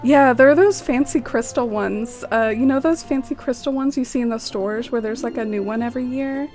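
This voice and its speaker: Chatty woman streamer, slightly high voice. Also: brisk, darkish tone, faint music behind. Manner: chatty, greets viewers by name, many "like" fillers. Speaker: game streamer. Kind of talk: casual live-stream chat.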